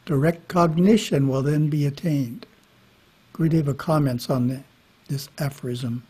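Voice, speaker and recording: Husky-voiced man giving a spiritual talk. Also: a little high, fairly even intonation, mellow. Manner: measured reading with brief casual asides. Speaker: monastery teacher. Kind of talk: spiritual talk reading scripture. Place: monastery. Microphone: webinar microphone.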